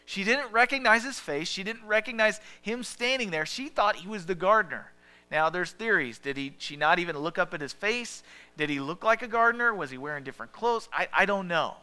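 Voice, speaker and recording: A man preaching a sermon as pastor, talking conversationally and asking the listeners questions, often dropping to a soft hush. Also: high-pitched, lively intonation, a little fast, clean tone.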